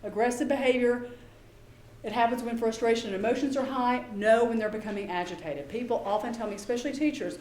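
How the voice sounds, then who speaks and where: A middle-aged woman giving a lecture as a behavior specialist, lively and acting out quoted exchanges in voices. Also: a little high, a little fast, slight background noise. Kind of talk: conference lecture. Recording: echoey room, faint background ambience.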